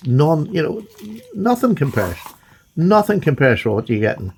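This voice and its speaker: A man chatting excitedly and gushing as he unboxes and admires his new knives. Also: fairly high pitch, moderate pace, vocal fry, slight background noise. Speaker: knife collector vlogger. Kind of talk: casual unboxing chat.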